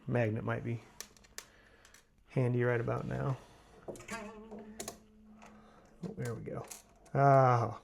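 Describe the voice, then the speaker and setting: Gravelly man talking through an install. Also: medium pitch, slow, pauses often, slight background noise. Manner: relaxed, talks while working, frequent fillers. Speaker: DIY installer. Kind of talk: hands-on install walkthrough.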